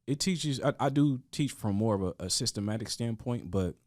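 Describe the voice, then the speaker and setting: In a casual podcast discussion, a man with an expressive, mid-range, darkish voice talks earnestly and a little fast, frequently restarting his sentences and stammering. The recording is dry with clean studio sound.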